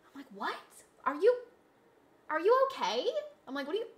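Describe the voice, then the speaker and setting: A woman's voice: high-pitched, normal speed, sharp tone. A woman live streamer chatting casually with viewers, telling a story in a rambling way, full of restarts and repeated words. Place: indoors at home streaming setup.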